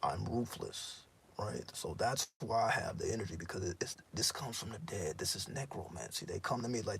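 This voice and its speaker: A man's voice: lowish voice, brisk, creaky, husky. A man speaking in a casual, intense monologue as a spiritual teacher, profane and repeating himself for emphasis.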